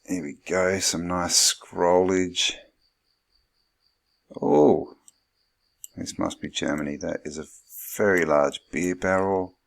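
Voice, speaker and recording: Low, gravelly man musing aloud. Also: steady tone, measured pace, a bit bright. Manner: rambling, thinking aloud with many fillers. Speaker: channel host. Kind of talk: musing commentary over old photographs.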